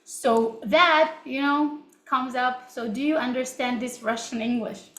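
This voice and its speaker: A woman's voice: high-pitched, fairly even intonation, unhurried, fairly bright tone, slight background noise. A young woman from Kazakhstan whose first language is Kazakh, giving a chatty, upbeat English session and laughing often. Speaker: English speaker at a learning session. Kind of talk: casual live teaching talk. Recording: roomy echo.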